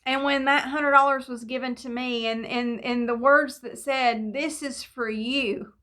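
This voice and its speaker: A middle-aged woman, telling a personal testimony in a devotional, rambling and pausing with fillers. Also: high-pitched, level tone, pushed and bright. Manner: rambling storytelling with fillers and restarts. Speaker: devotional speaker.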